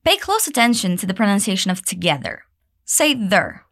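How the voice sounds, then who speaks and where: A woman teaching an English pronunciation lesson, drilling phrases for learners to repeat and praising them warmly. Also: big pitch swings, brisk. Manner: encouraging, drills repetition, pitch leaps on praise.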